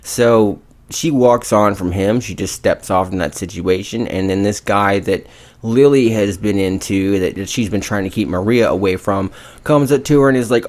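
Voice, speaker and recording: A man co-hosting a podcast who retells a movie's plot in a casual, profane and animated way. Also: lowish voice, normal speed. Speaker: podcast co-host.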